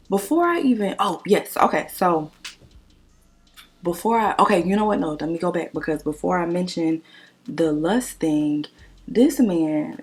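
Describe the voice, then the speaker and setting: A young woman with a low, husky voice tells a dating story while putting on her makeup. Her delivery is blunt and animated, and she swears freely. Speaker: beauty vlogger. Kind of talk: casual storytime chat while doing makeup.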